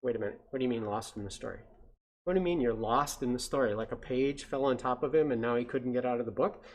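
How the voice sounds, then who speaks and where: A man hosting a children's story time, reading aloud and breaking off for playful, chatty asides. His pitch sits mid-range for a man. A faint noise hums under the recording. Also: fast talker. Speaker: story time reader at a science center.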